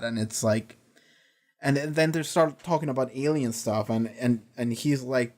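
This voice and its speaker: A man in the middle of a casual reaction discussion, his voice sitting at an ordinary mid pitch. He rambles, restarts his sentences and swears freely, and he acts out what the characters said in loose paraphrase. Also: moderate pace. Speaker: reaction channel host.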